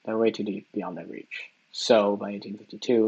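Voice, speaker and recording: A man working through practice test questions out loud, half-reading and mumbling his reasoning as he goes. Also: lowish voice, little pitch movement, fairly quick, creaky, slightly rough, muffled recording. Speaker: test-taker and tutor. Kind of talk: think-aloud practice test, muttering while reading.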